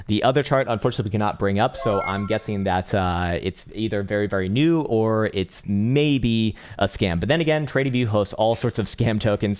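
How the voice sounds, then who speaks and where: Profane, animated crypto livestream host. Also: male voice, lowish voice. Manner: profane, animated, laughs often. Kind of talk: casual live market analysis.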